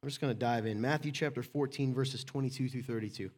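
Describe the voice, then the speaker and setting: A man preaching a sermon in a casual, conversational way, joking with people in the room by name and swinging between loud and hushed. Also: mid-range voice, quick pace. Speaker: pastor.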